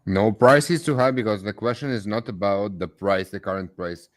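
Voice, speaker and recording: A man co-hosting a livestream, speaking earnestly and a little haltingly. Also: on the low side. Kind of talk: casual livestream chat.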